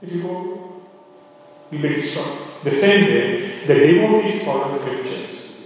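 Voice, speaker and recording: Guy giving a scripture class, kinda high voice, far off the mic in a big echoey hall. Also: expressive, measured pace. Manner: conversational, with frequent "you know" asides. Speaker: Bhagavatam class teacher.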